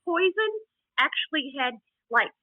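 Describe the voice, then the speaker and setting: A woman's voice: high voice, very animated, a little slow, no echo, narrow, tinny audio. A woman from Texas, a book author and podcast guest, telling backstage stories in a chatty way with frequent laughs and many "you know"s. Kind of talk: casual storytelling interview.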